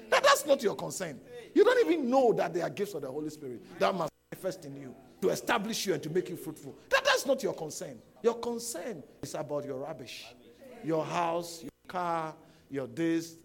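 A man's voice: high-pitched, gravelly, breathy edge. A man preaching a sermon to a congregation, emphatic, repeating phrases and firing rhetorical questions. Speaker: pastor. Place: church service before a congregation.

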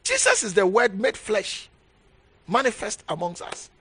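A man preaching a sermon as bishop, emphatic, repeating key phrases and swinging from low murmurs to raised exhortation. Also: huge pitch swings, measured pace, fairly bright tone, slight background noise.

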